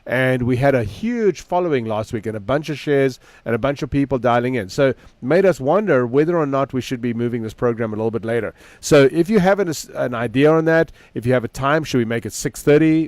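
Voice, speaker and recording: Middle-aged man telling lively dog stories. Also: medium pitch, brisk, few pauses, no room sound. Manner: animated storyteller, acts out quoted people. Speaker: dog trainer and podcast co-host. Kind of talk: casual podcast chat.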